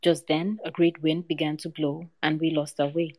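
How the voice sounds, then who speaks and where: A woman's voice: low-pitched, flat delivery, normal speed, a little mellow, no echo. A woman reading as a young sultan's son. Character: young sultan's son telling his story.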